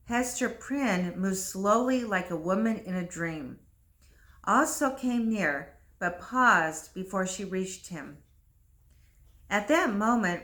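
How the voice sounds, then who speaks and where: A woman narrating a read-along storybook at a slow, deliberate pace. Her voice is bright and clear, each sentence set out carefully for learners. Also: medium pitch. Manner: clear, careful, measured reading. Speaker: reader.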